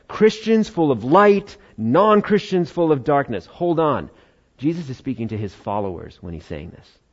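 An American man delivers a sermon in a relaxed, conversational way. He often slips into short quoted asides. His voice sits at a middle pitch, and the recording sounds a little dull and lo-fi. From United States. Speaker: pastor.

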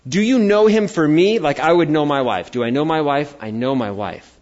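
A man's voice: a little high, lively intonation, normal speed. An American man preaching a sermon, telling a personal story and acting out the voices he quotes. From United States. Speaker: pastor. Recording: dull lo-fi sound.

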